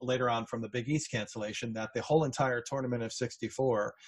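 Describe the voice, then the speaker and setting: A man's voice: mid-range voice, steady tone, quick pace. A man hosting a casual podcast, talking in a chatty way with frequent restarts and fillers. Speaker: podcast host.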